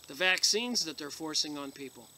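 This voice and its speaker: A man's voice: on the high side, lively intonation, normal speed, pushed and bright. A man, a video blogger, reading passages aloud and commenting on them in an emphatic, emotional way. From United States. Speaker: video blogger reviewing books.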